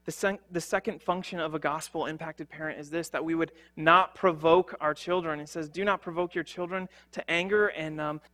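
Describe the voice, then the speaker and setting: A man's voice: fairly high pitch, fairly even intonation, brisk, hardly any pauses, pushed and bright. A young man preaching a sermon as a pastor, earnest and conversational, with frequent fillers and restarts.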